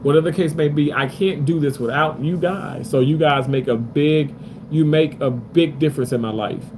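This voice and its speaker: A man's voice: fairly high pitch, normal speed, noisy background. A man on a live stream from a hotel room, talking loosely with his viewers and reading their comments aloud, full of fillers. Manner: loose, rambling, many fillers.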